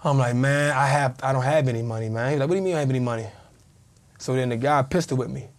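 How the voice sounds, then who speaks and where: Fast-talking man telling a story. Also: medium pitch. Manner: vivid storyteller who acts out quoted dialogue. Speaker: podcast guest, former pro football player. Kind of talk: casual conversational storytelling.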